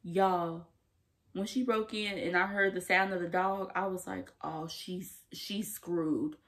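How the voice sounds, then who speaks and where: A young woman casually recapping a TV episode to camera, animated and emphatic, full of slang and laughter. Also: medium pitch, a little slow. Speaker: TV episode reviewer.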